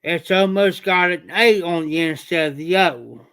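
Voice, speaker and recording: A man with a southern Ohio accent chatting casually on a livestream, slow and rambling in a folksy way. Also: high voice, vocal fry, sharp tone, smooth. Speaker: livestream host.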